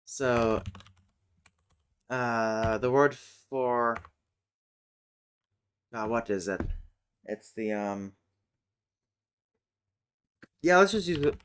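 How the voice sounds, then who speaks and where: A man streaming casually, thinking aloud as he works, muttering and humming to himself with many hesitant pauses. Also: medium pitch, fairly bright tone, slight background noise. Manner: mutters and hums to himself while working; slow, hesitant, with many fillers.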